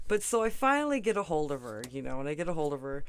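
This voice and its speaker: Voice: medium pitch, big pitch swings, fast, smooth. A crafting channel host chatting through a tutorial, rambling off on stories, often asking "right?" and laughing between sentences. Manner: rambling, tangents, frequent "right?" and "you know".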